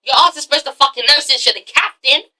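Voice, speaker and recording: A woman's voice: high-pitched, quick pace, pushed and bright, distant mic. A woman mimicking a jealous, angry young man in a confrontational, profane way while recapping a show.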